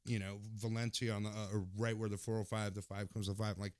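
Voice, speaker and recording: Male guest storyteller, animated and profane, dry sound. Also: on the low side, fast talker, clear, resonant tone, no room sound. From Southern California. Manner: animated, swings loud when acting out the story; swears freely, laughs while telling. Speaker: podcast guest. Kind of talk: casual storytelling.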